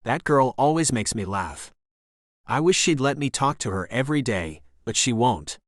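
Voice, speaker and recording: A man narrating a romance audiobook in the first person, earnest and heartfelt. His voice sits at an ordinary middle pitch. The sound is dry and close, with no room echo. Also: expressive, normal speed.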